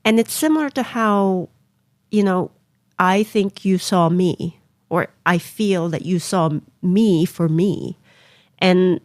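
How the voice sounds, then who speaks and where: A woman co-hosting a podcast in a casual chat, sincere and quick to giggle. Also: lowish voice, no room sound, clean studio sound. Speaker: podcast co-host.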